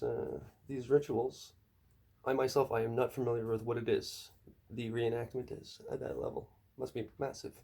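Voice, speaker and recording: A man with a gravelly, husky voice delivers a rambling comedic monologue. His talk is profane and conspiratorial, and it leaps high when he lands an emphatic point. His tone sits low and mellow in between those jumps.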